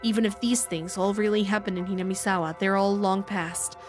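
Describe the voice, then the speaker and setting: A woman voicing a composed adult female researcher in a visual novel readalong, speaking in a measured, lecturing way. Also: medium pitch, fairly even intonation, faint music behind, lightly acted. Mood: calm.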